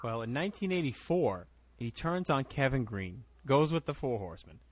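Lively, teasing podcast host man. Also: mid-range voice, moderate pace. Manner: lively, teasing, runs the segment. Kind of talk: casual podcast chat.

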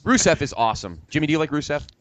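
A male podcast host leading a casual panel, playful as he tosses questions to his co-hosts. His pitch swings widely and he sounds animated. The recording is dry and close, with no room sound. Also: racing, dry recording.

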